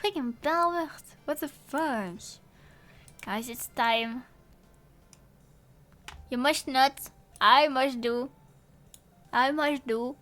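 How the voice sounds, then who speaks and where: A young woman who speaks natively, chatting casually on a live stream in a rambling, halting way with many restarts and playful swearing. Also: sits high, a bit bright. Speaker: VTuber streamer.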